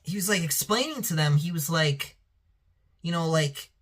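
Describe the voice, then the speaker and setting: A man's voice: on the high side, expressive, moderate pace, a bit bright. A man talking casually as a reviewer, rambling and swearing freely, with many restarts and fillers. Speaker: show reviewer.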